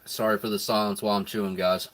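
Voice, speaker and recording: A man hosting a relaxed live stream, talking between bites in an easygoing, chuckling way. His voice sits a bit low, and the talk stays casual chat. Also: quick pace. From United States. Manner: laid-back, chuckles often, talks between bites. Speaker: live stream host reviewing rations.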